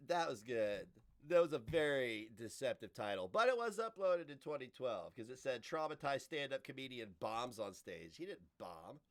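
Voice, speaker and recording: A man streaming, giving casual reaction commentary in a loose, animated way and swearing freely. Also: mid-range voice, normal speed.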